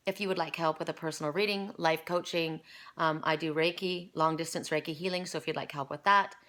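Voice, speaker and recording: A woman's voice: sits low, steady tone, fairly bright tone. Emotional woman giving an oracle card reading. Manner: emotional, earnest, halting with restarts. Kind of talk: spiritual card reading video.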